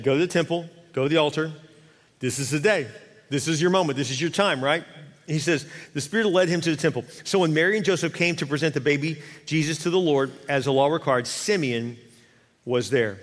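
High-voiced man preaching in a hall. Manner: fervent, rising to shouting exhortation. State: winded at times. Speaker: pastor. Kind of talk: sermon.

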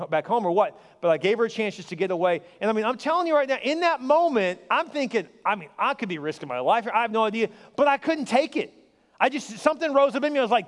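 A male pastor with a very high voice tells stories from the pulpit and keeps asking his listeners questions. His speech is conversational. It rings out with a long reverb, as in a large church hall. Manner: storytelling, conversational, asks the crowd questions. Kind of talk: sermon.

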